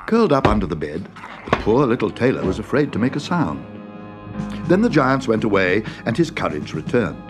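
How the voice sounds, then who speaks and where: A man reading a fairy tale aloud in an expressive, dramatic way. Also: medium pitch. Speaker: narrator. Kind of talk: storybook reading. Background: music.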